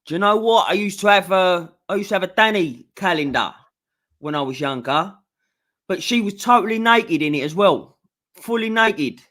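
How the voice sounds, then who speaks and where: A man's voice: high-pitched, expressive, normal speed, a bit bright. A man co-hosting a casual football chat, rambling and chatty with lots of filler. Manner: chatty, rambling, laughs a lot. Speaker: co-host.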